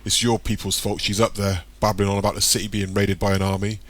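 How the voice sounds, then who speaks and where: Casting note: man reading as a gruff gunman, low and curt, disapproving. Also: flat delivery, fast talker, close to an everyday voice.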